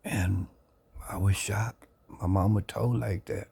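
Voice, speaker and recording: A man earnestly sharing his life story into a phone camera, reflective and unhurried. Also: on the low side, fairly even intonation, vocal fry, dark tone, breathy edge. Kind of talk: personal testimony, casual talk.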